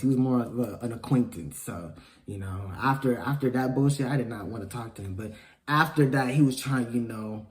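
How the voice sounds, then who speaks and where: A man telling a story in a casual vlog, animated and profane, jumping from loud outbursts to low mumbled asides. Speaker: storytime vlogger.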